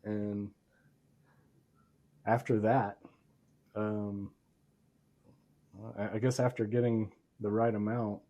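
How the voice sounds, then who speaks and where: A man's voice: on the low side, flat delivery, slow, long pauses, lo-fi sound. A man talking casually in an interview about his wife and himself, rambling and self-deprecating. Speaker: guest. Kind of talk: casual conversation.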